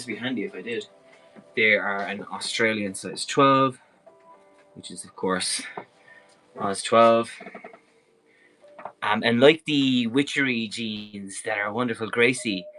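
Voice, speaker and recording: An Irish man with a bright, forceful voice runs a live clothing sale in a chatty, enthusiastic way. He rambles freely between items, and faint music plays behind him. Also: lowish voice, slow pace, long pauses, poor audio. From Ireland. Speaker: live-stream clothing seller. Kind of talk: casual live sales patter.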